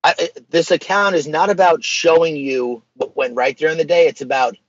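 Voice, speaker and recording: This casual interview features a podcast guest who makes a social media page, talking at normal speed in a steady, slightly high voice. He's emphatic and slangy. The highs are cut off, with a little hiss or hum.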